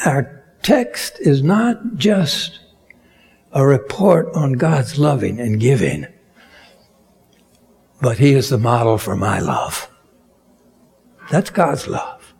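A man delivers a sermon at an unhurried, measured pace. His voice has a gravelly, husky grain. He builds to strong emphasis on key words and then drops back down. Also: medium pitch, big pitch swings, darkish tone. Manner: slow, deliberate preaching with rising emphatic peaks. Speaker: preacher.

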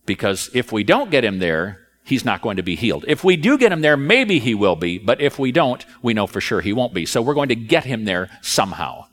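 A male preacher tells his story in an easy, conversational way, his pitch swinging up and down with lively emphasis. The voice sits in the middle of the male range and sounds animated throughout. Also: fairly quick, few pauses. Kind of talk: sermon.

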